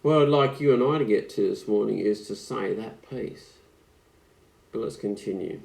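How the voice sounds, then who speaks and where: A man preaching an online sermon, speaking slowly and reflectively with frequent pauses and fillers. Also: fairly low pitch, gravelly, darkish tone. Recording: echoey room.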